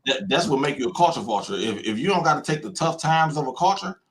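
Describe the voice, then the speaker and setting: Animated man with a lively high voice. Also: fast. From United States. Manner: animated, repetitive and emphatic, acting out quoted voices. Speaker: live stream host. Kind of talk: heated opinion talk on a live stream.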